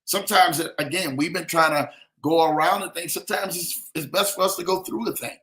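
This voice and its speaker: A man hosting a casual livestream, hyping viewers with shout-outs and repeated "man" between phrases. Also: on the high side, steady tone, a little fast, echoey room. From lives in Denver. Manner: hype, repetitive "man" and "in the building". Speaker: livestream host.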